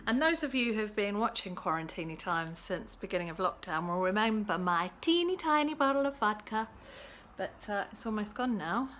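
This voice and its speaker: A woman's voice: mid-range voice, expressive, normal speed, a bit bright, a little hiss or hum. A woman hosting a casual cocktail-making vlog at home, chatty and playful. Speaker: host.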